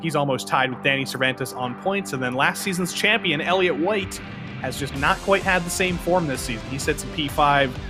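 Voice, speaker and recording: A man doing live play-by-play commentary for an online racing league, joking and brisk. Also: on the high side, music in the background.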